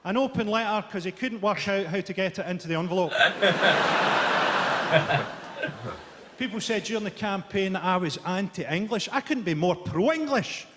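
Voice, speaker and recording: A Scottish man in his forties doing a stand-up routine before a live audience, delivering dry, dark one-liners with sharp punchlines. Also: sits high, lively intonation, measured pace, pauses often, background noise. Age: 40s. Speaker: stand-up comedian. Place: large theatre stage. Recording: echoey theatre stage with roaring crowd.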